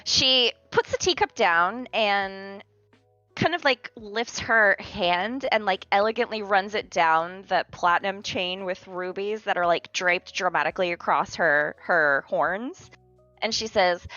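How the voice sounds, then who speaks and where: A woman's voice: mid-range voice, measured pace, bright, forceful tone, no echo, faint music behind. A woman player describing her character's actions casually in a tabletop game. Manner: casual, laughs easily. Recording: slightly dull, dry sound.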